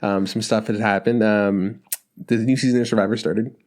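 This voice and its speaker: A man's voice: fairly low pitch, normal speed. Profane, joking podcast co-host man. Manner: profane, joking, animated storytelling. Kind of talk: casual podcast chat.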